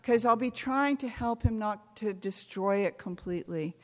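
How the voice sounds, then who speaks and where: Older american woman, wry and halting, lots of restarts, big hall echo. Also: mid-range voice, darkish tone. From United States. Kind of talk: reflective storytelling talk.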